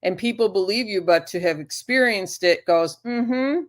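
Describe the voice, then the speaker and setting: A woman speaking as a guest in a casual talk-show conversation. She talks gently and haltingly, and she calls herself a shy person. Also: medium pitch.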